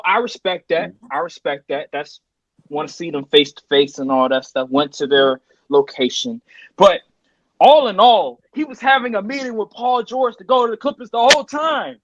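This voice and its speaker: Podcast host, male, high voice, emphatic repetitive sports rant, dull dry lo-fi recording. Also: no room sound. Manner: emphatic, repeats his points.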